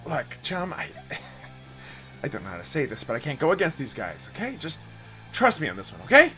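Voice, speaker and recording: A man's voice: on the high side, wildly swooping pitch, moderate pace, bright, forceful tone, faint music behind, pitched above the performer's own voice, exaggerated voice. A man voicing a nervous young dog-man companion, talking hesitantly and confidingly.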